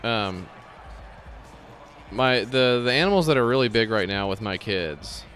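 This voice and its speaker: Low-voiced man in rambling casual chat. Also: animated, measured pace, a bit bright. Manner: rambling, self-interrupting storyteller. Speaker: podcast co-host.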